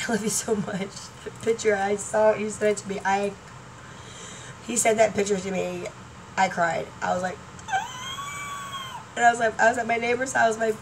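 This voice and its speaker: A middle-aged woman chatting in a rambling, excitable way on her home vlog, laughing often and trailing off mid-thought. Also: mid-range voice. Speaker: YouTuber. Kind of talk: rambling casual vlog chat. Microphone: laptop webcam mic. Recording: distant mic, faint room noise.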